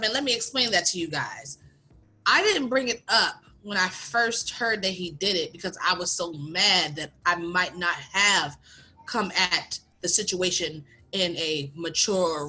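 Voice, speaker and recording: A young woman with a Philadelphia accent telling a workplace story on a casual podcast, candidly acting out what everyone said. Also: medium pitch. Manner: animated, candid storyteller, acts out quotes. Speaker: podcast co-host, bartender.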